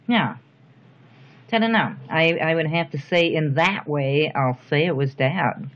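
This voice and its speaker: A middle-aged woman speaking softly and reflectively in a personal interview, with thoughtful pauses. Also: low-pitched. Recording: dull lo-fi recording.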